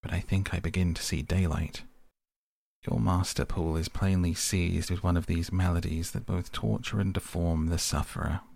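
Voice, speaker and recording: A man doing a measured Victorian lawyer. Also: sits low, steady tone, vocal fry, a little mellow, no room sound. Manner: formal, deliberate Victorian diction. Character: measured, reasoning middle-aged male lawyer.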